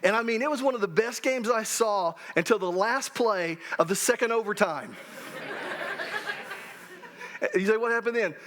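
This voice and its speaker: High-voiced older pastor preaching casually. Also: male voice, fairly quick, hardly any pauses, fairly bright tone, a little hiss or hum. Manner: conversational, self-deprecating humor, many restarts. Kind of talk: sermon.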